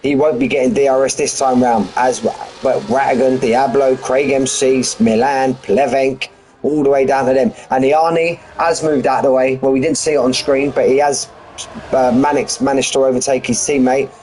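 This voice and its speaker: A man's voice: medium pitch, steady tone, normal speed, darkish tone, a little hiss or hum, low-quality recording. A man giving live race commentary in a chatty, rambling, jokey way. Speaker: sim racing commentator.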